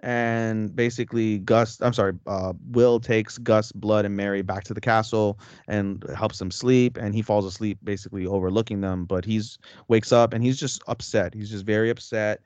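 A man's voice: on the low side, fairly even intonation, normal speed, few pauses, darkish tone, no room sound. Profane rambling young man recapping anime. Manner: rambling, profane plot recap with many fillers. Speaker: podcast co-host. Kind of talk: casual anime review chat.

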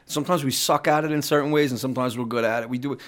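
Animated man telling stories. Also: mid-range voice, very fast. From New York. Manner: animated, swearing, laughing, rambling with restarts. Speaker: guest musician. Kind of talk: casual interview storytelling.

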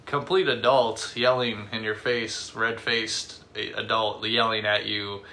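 A young man co-hosting a podcast, telling stories in a rambling, halting way with lots of fillers, a bit tipsy from beer. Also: lowish voice, level tone, sharp tone, a little hiss or hum. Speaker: podcast co-host. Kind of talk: casual chat.

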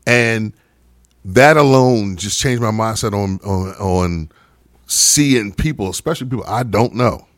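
This podcast co-host's voice is on the low side and a little slow, recorded cleanly in a studio with no room sound. He chats casually, telling animated stories and often adding "right?".

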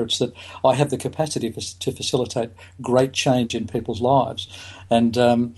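A man's voice: mid-range voice, level tone, moderate pace, mellow, slightly rough. A middle-aged man, a psychologist and author, talking as a podcast guest, hesitant with many fillers and restarts. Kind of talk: podcast interview.

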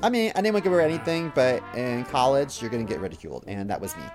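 Young guy, casual storyteller, lively pitch, rambles with fillers, soft music behind. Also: quick pace. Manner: rambling, lots of fillers and quoted dialogue.

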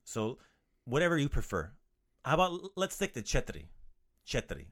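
A man hosting a podcast language lesson in a playful, casual way, joking around and repeating words slowly for learners. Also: mid-range voice, wildly swooping pitch, a bit bright.

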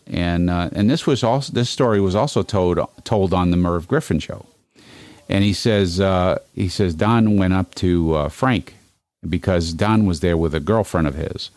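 A man's voice: sits low, a little mellow, no echo. A man, spinning long anecdotes with plenty of "uh"s and restarts. The sound is dry and close, with no room around it. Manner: rambling anecdotes with many fillers. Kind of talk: casual storytelling chat.

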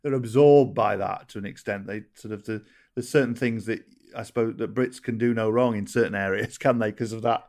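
A man's voice: fairly low pitch, fairly even intonation, brisk, a little mellow. British guy interviewing, chatty, keeps adding "don't they" to his questions. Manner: rambling questions with tag questions and restarts.

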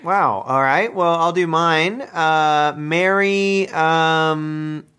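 A man co-hosting a comedy podcast, talking in a deadpan way. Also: fairly high pitch, extremely slow, clear, resonant tone. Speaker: co-host.

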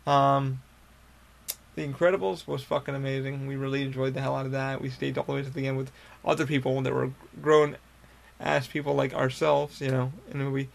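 Gravelly, flat-voiced man telling a rambling story. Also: medium pitch, brisk. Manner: rambling, profane, full of fillers and restarts. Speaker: podcast host. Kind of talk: casual storytelling monologue.

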